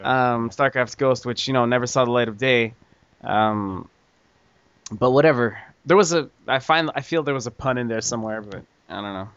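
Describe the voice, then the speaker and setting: A man hosting a casual gaming podcast, reading news in a relaxed way with many fillers and the odd swear. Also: medium pitch, moderate pace, slight background noise. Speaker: podcast host. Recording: dull lo-fi audio.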